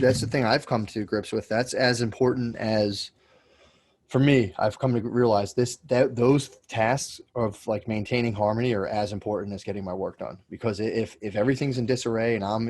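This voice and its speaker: A man's voice: on the low side, darkish tone. A man, a comedian, talking as a podcast guest in casual chat, rambling with many restarts and swearing freely.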